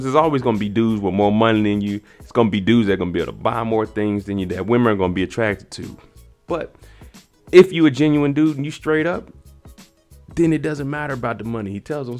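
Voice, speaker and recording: Low-voiced man recapping a TV episode. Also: a little mellow. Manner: chatty, acts out characters' lines in quick voices. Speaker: recap host. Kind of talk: casual TV recap commentary.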